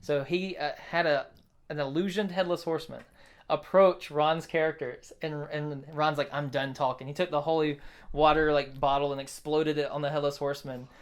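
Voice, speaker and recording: A man's voice: on the high side, little pitch movement, moderate pace, clear, resonant tone. A man in casual chat, animatedly telling a story about a tabletop game and promoting it. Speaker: game creator promoting his game.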